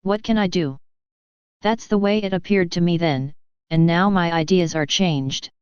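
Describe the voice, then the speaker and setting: A woman's voice: fairly low pitch, a little slow, darkish tone, clean tone, no echo, muffled recording, lightly acted. A woman reading an earnest troubled young farmhand. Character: humble young male ox driver, earnest and troubled.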